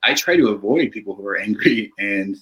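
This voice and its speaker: A middle-aged male therapist with a low voice speaks in a calm, reflective way on a podcast, often tagging his points with "right?". He explains things patiently. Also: fairly quick, rough recording. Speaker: therapist guest. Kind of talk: podcast conversation.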